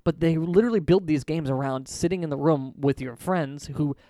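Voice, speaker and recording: A young man co-hosting a casual podcast chat, animated and rambling as he tells stories, laughing often. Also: fairly high pitch, a little fast, no echo, clean studio sound. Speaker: podcast co-host.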